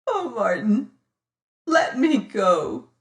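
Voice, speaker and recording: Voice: mid-range voice, takes it slowly, darkish tone, reverberant, pitched above the performer's own voice, close to an everyday voice. A reader voicing a proud young woman pleading through tears in an audiobook. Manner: pleading, breaking into sobs and whispers. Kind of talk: audiobook character reading.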